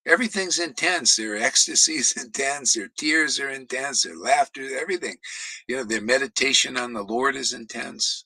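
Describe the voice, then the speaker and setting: A man in casual spiritual chat, rambling and animated, acting out quotes as he talks. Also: mid-range voice, moderate pace, slightly rough, no echo, rough recording. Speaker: spiritual teacher.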